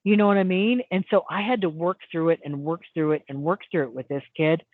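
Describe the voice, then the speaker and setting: A middle-aged woman, a hypnotist, telling a story as a guest in an interview, acting out quotes with sudden jumps in pitch and often repeating words as she restarts. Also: brisk, no room sound. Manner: animated, acts out quotes with big pitch jumps. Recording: dry tinny phone-like sound.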